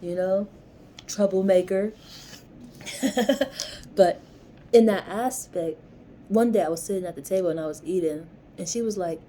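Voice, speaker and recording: A woman's voice: medium pitch, a little slow, pauses often, mellow, slight background noise. A young woman telling a personal story in a rambling, casual vlog style, dropping slang like "yo" as she goes. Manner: rambling, conversational, slangy with frequent "yo". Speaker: vlogger.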